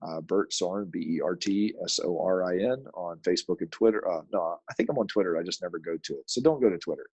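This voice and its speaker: A man talking as a podcast guest in casual chat, animated, laughing often and restarting his sentences. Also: sits low, fast, breathy edge, dry recording.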